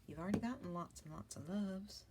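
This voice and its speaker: A woman's voice: medium pitch, fairly quick, dark tone, a little hiss or hum, pitched above the performer's own voice, lightly acted. A woman putting on the voice of her female bulldog, answering in a sassy, dismissive way.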